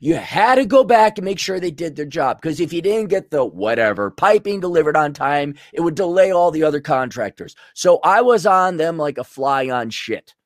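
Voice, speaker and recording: A man's voice: fairly high pitch, very animated, normal speed, hardly any pauses, no echo, studio quality. A man hosting a podcast, ranting in a blunt, sarcastic and crude way. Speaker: podcast host. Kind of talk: ranting monologue.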